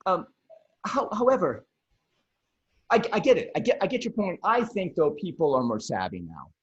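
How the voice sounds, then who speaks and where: Husky-voiced man rambling on a video call. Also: sits high, moderate pace. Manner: rambling, many restarts, animated. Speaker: podcast host. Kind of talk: casual chat over video call. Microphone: video call mic. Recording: dull lo-fi video call audio.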